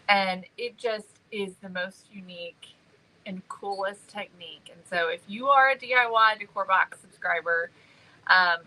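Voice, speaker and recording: A woman's voice: medium pitch, bright, forceful tone, low-quality recording. A woman hosting a craft live stream, bubbly and chatty, greeting viewers by name. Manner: bubbly and chatty, many ums. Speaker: livestream host.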